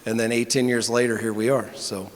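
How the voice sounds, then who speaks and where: A man's voice: mid-range voice, level tone, brisk, heavy background noise. A man giving a tribute speech, telling a wry anecdote that turns earnest. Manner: wry storytelling turning earnest. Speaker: longtime employee giving a tribute. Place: banquet hall. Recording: echoey hall with murmuring crowd.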